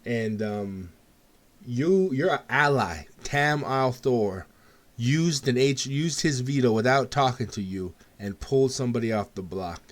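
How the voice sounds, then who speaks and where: A man hosting a casual live game show, calling results in an excited, jokey way and laughing often. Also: medium pitch, unhurried. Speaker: host.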